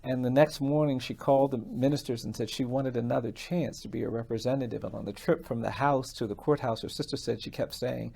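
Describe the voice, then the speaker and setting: Gravelly, husky man telling a story. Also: medium pitch, fairly even intonation. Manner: quiet, measured retelling of a story. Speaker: podcast guest. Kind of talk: storytelling in a conversation.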